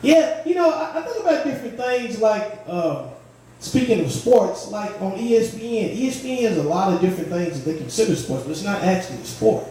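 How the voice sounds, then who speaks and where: A man's voice: sits high, big pitch swings, a little fast, warm tone, a little hiss or hum. A young man performing a stand-up routine on a comedy club stage, telling stories in a laid-back way and throwing in "man" often, sweaty from moving around. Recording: echoey room from far off.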